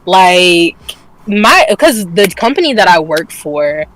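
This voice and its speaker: A woman's voice: lowish voice, big pitch swings, slow, noisy background. A woman co-hosting a casual streamed talk show, telling a personal story candidly, swearing freely and laughing often. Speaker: podcast co-host. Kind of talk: casual chat.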